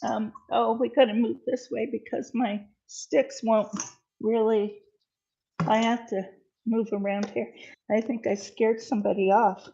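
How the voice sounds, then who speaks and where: Woman host, higher voice, unhurried rambling kitchen-livestream chatter, dull lo-fi sound. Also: little pitch movement, vocal fry, noisy background. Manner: rambling, chatty, many fillers and asides. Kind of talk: casual livestream chat while baking. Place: home kitchen.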